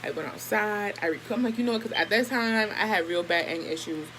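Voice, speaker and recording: A young woman vlogger telling a story in a casual, animated and heavily profane way. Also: mid-range voice, a little fast, a little hiss or hum, poor audio. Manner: profane, animated, emphatic retelling.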